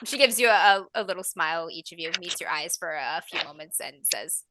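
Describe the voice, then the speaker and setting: A woman's voice: lowish voice, expressive, a little fast, few pauses, pushed and bright, no room sound, low-quality recording. A woman narrating as game master in a tabletop game, chatty and giggly, full of "like" and asides.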